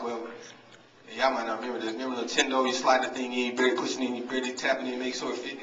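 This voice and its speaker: At a banquet, a man who is a coach and guest speaker tells funny, motivating stories straight to the audience. He talks very fast at medium pitch with flat delivery. The recording comes from far back in a large echoey hall and sounds dull.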